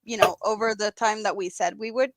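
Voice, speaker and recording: A woman's voice: medium pitch, fairly even intonation, fairly quick, dry recording. A woman with a Swedish accent, a non-native English speaker, chatting as a guest on a livestream, often hunting for words and restarting sentences. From Sweden. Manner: searches for words, restarts often, laughs easily. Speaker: guest crocheter. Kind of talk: casual livestream chat.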